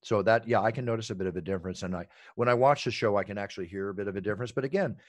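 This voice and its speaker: A middle-aged man telling stories in an animated, emphatic way as an interview guest. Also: on the low side, rapid-fire, dry recording. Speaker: ring announcer and guest. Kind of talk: energetic interview talk.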